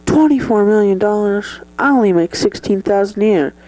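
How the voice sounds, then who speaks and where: A performer playing a prim male talk-show interviewer who scolds his guest and asks questions slowly. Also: mid-range voice, animated, darkish tone, no echo, natural voice, low-quality recording. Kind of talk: improvised comedy sketch interview.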